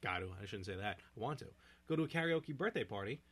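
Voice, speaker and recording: A man co-hosting a live podcast, playful and quick to laugh. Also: mid-range voice, animated, fairly bright tone, slightly rough. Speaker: podcast co-host. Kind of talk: casual chat on a live podcast.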